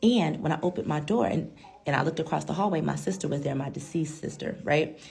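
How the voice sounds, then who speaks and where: Gravelly chatty woman telling a story. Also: low-pitched, brisk, darkish tone. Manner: chatty, slangy, addresses viewers as girl and child. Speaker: vlogger. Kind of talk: casual storytelling to viewers.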